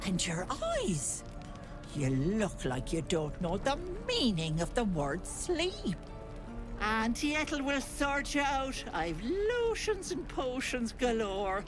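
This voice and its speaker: An actress voicing a sly old hag who poses as a kindly auntie, cooing and folksy, calling everyone love and sweetie. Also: female voice, a little high, very animated, slow pace. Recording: game audio with music behind.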